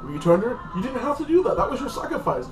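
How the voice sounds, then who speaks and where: A man's voice: extremely high pitch, big pitch swings, quick pace, recorded from a distance, slight background noise, voice pushed up. A man voicing a scornful elder woman, taunting in a raised, mocking voice.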